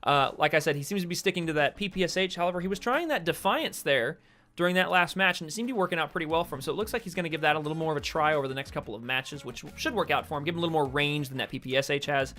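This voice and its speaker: A young American man giving solo esports-style play-by-play of a shooter game from his streaming chair, getting excited on big plays. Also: on the high side, very fast. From United States. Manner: excitable play-by-play, chatting with stream viewers between calls. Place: home streaming setup, seated in a chair.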